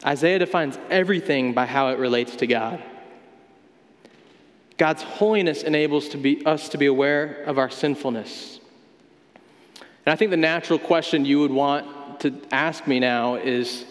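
A man's voice: on the high side, normal speed. A man preaching a sermon as pastor, talking in a conversational way with everyday examples. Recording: long hall reverb.

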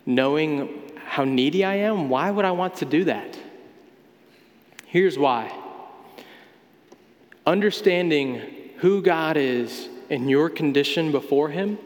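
A man preaching a sermon as pastor, talking in a conversational way with everyday examples. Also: fairly high pitch. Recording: long hall reverb.

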